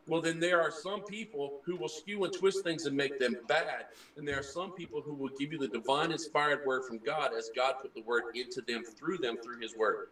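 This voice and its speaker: Earnest former preacher explaining scripture. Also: male voice, on the high side, normal speed, a bit bright, echoey room, far from the mic, low-quality recording. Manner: earnest, explanatory, restarts words. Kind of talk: casual group chat.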